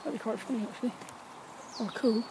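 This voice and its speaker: A vlogger with an English accent chatting quietly and rambling while walking by a river in the woods. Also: mid-range voice, fairly quick, heavy background noise. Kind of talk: casual walk-and-talk vlog. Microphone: camera carried while walking.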